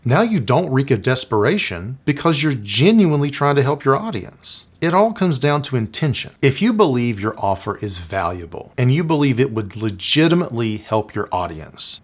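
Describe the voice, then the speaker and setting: Man, Appalachian accent, psychologist, scripted explainer, very lively pitch, mid voice. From rural Appalachia. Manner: animated, acts out quoted lines.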